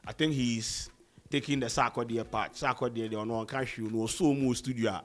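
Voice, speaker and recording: A young man with a Ghanaian accent giving casual commentary to camera, animated and slipping into pidgin and slang. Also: medium pitch, normal speed, a little hiss or hum. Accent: Ghanaian, Pidgin-inflected. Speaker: vlogger.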